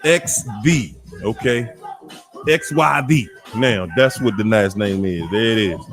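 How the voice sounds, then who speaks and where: A man hosting a casual livestream, greeting chat viewers by name in an animated way, drawing out names and laughing often. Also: on the low side, slow, music in the background. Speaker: livestream host.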